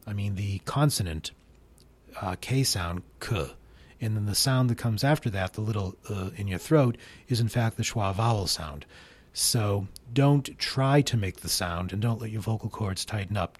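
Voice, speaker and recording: A man teaching English pronunciation, explaining slowly and demonstrating each sound deliberately. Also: lowish voice, breathy edge. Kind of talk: instructional explanation.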